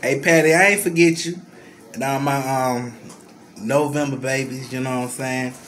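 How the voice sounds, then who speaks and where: A man's voice: medium pitch, fairly even intonation, normal speed, fairly bright tone. A man vlogging casually to his followers from home, emotional and choked up, sighing heavily as he talks into his phone camera. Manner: emotional, choked up, heavy sighs. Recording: noticeable room noise.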